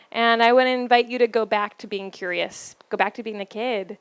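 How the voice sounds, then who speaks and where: A woman giving a storytelling talk to a live audience about relationships, playful and laughing often, with dramatic pauses. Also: on the high side, clear, resonant tone, no echo.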